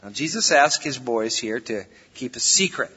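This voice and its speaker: Bright-voiced pastor in a reverberant hall. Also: male voice, medium pitch, animated, moderate pace, slightly rough. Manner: conversational, folksy preaching. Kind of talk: sermon. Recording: reverberant hall, dull lo-fi sound.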